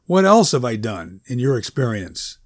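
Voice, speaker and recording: A man's voice: mid-range voice, big pitch swings, normal speed. A man voicing an anxious, earnest woman who is a worried schoolteacher, in a story reading. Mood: earnest, fretful.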